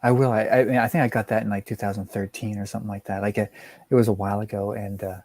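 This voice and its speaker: A man's voice: on the low side, level tone, fast, a little mellow, dry recording. A man in casual chat as a guest, rambling with frequent laughs and restarts, over a video call. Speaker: guest comic art collector.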